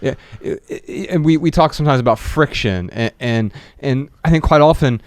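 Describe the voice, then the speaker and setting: A man's voice: fairly high pitch, no room sound. A man co-hosting a podcast, speaking thoughtfully and starting sentences over several times. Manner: thoughtful, halting restarts. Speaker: podcast host. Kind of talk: casual conversation.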